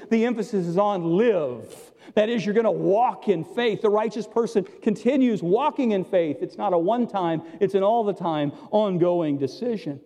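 A man preaching a sermon as pastor, emphatic, with drawn-out pauses on key words. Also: sits high, mellow. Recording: echoey hall with long reverb.

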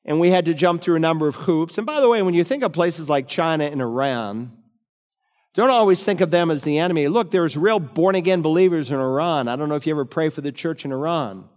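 A man's voice: fairly high pitch, a little mellow. Man preaching in a reverberant church. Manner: emphatic preaching, rising on key words, then slowing. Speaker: pastor. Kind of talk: sermon. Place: church sanctuary. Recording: long hall reverb.

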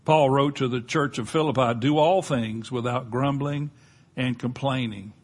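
A man's voice: medium pitch, steady tone, moderate pace. An older man with a Southern US accent preaching a sermon, folksy and conversational, with touches of humor. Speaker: pastor.

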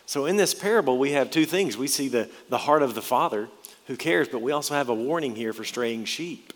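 Brief: male pastor, mid-pitched voice, earnest sermon delivery with slow stressed key words, long hall reverb. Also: animated. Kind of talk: sermon with scripture reading.

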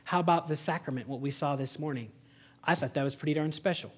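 Pastor guy giving a sermon, kinda husky, high voice, gets loud then drops real quiet. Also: quick pace. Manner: swings from loud exhortation to hushed, intimate emphasis. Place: church service.

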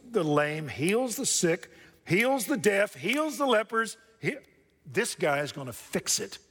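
A man preaching a sermon, swinging between loud rising emphasis and hushed, quiet passages. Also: high-pitched. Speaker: pastor. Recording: long hall reverb.

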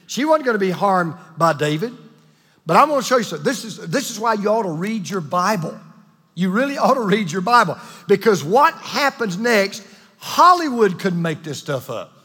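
Animated preacher with a husky voice. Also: male voice, high-pitched, big-room sound. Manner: animated storytelling, acting out voices. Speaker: pastor. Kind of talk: sermon.

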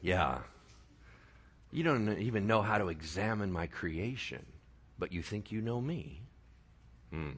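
A man preaching a sermon in a lively, joking way, often asking the congregation whether they follow him. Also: lowish voice, husky. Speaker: pastor.

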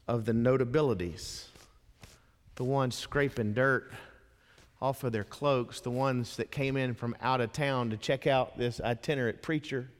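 A man preaching a sermon as a dramatic storyteller, dropping to a hush and then rising to impassioned emphasis. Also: mid-range voice. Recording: long hall reverb.

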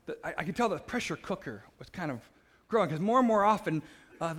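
High-voiced animated man telling his story. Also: fast, breathy edge. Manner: animated storyteller, laughs at himself, stumbling repeats; passionate and loud by his own account. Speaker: speaker sharing his faith testimony. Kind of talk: personal testimony talk.

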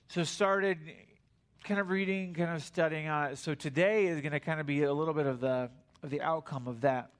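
A man in his thirties giving a sermon in a church in a relaxed, rambling way, with lots of fillers and asides to the congregation. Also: fairly high pitch, a little fast. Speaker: guest preacher. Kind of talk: conversational sermon. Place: church sanctuary.

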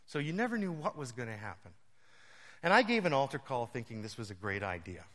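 Male pastor, animated storyteller, expressive pitch, long hall reverb. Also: fairly quick. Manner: animated, laughs often while telling stories. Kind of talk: storytelling sermon.

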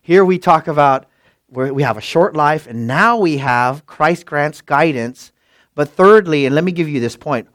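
A pastor preaching a sermon and leading a closing prayer, swinging from loud exclamations to hushed asides. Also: male voice, on the high side, normal speed, dry recording.

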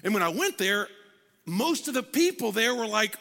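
A middle-aged pastor preaches with lively, conversational energy, often slipping into the voices of people praying. His voice sits high and bright, with heavy gravel and fry. The sound carries the long reverb of a large hall. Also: normal speed. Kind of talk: sermon.

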